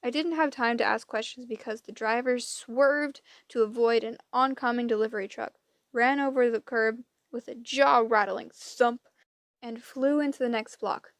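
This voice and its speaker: A woman's voice: on the high side, steady tone, normal speed, dry recording, studio quality. A woman reading first-person audiobook narration with wry storytelling. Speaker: audiobook reader.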